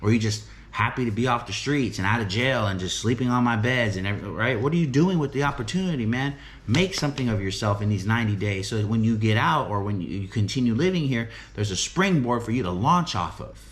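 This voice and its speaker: A man's voice: medium pitch, a little fast, few pauses, a little hiss or hum. A middle-aged man giving an earnest, emphatic motivational talk about faith and recovery, often repeating phrases and asking "right?". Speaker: recovery home director and preacher.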